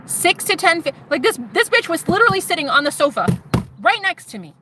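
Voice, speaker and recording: A woman's voice: very high voice, big pitch swings, a little fast, music in the background. A woman vlogger telling an intense personal testimony, swearing and speaking straight to her viewers.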